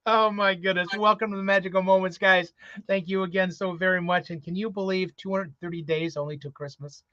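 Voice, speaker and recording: A man's voice: high voice, steady tone, a little fast, sharp tone, no echo. A man co-hosting a live stream, a Santa performer who talks in an earnest, rambling way with many restarts. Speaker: co-host, Santa performer and magician. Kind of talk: casual live-stream talk. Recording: muffled, dry lo-fi sound.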